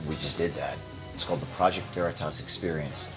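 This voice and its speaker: A man from the United States answering rapid interview questions bluntly and with emphasis, now and then breaking into short laughs. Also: rumbling low, steady tone, over music. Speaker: interview guest, activist. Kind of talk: quick-fire interview answers.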